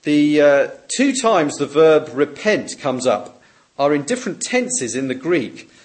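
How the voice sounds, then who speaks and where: Lively-voiced man preaching a sermon. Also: fairly high pitch. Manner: measured, emphatic, rising on questions and dropping soft on key words.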